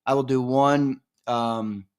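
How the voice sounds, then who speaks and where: Speaking slowly in a clear, resonant medium-pitched voice, a man hosts a laid-back sports fan stream. He chats with his viewers and bursts into loud, thrilled hollers.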